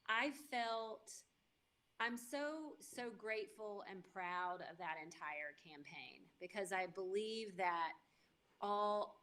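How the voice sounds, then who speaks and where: A woman's voice: mid-range voice, sharp tone. A woman who is a mayor, speaking thoughtfully and gratefully in a casual interview. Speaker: guest mayor.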